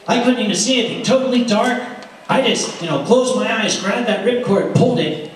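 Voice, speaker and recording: A man playing a boastful older American veteran who spins an excited tall tale, heard in an echoey room from a distant mic. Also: high voice, brisk, slight background noise, pitched above the performer's own voice, lightly acted.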